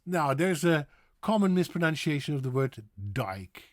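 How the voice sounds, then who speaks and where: A man's voice: a little high, no echo, studio quality. A Dutch man with a Dutch accent, teaching pronunciation by drawing out and exaggerating his vowels. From Netherlands. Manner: animated, drawn-out exaggerated vowels.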